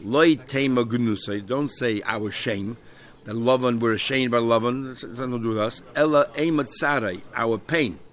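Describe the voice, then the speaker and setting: This Talmud teacher works through a page by reading Aramaic and then translating it, chatty and heavy on fillers. His medium-pitched voice has a fairly bright tone, and his pace is moderate.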